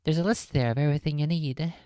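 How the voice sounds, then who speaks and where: A woman puts on a big, gruff, kindly giant of a man who grumbles and booms his lines in a storybook reading. The voice sits low, and the sound is dry and close. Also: quick pace, dark tone, no room sound, lightly acted. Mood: hearty.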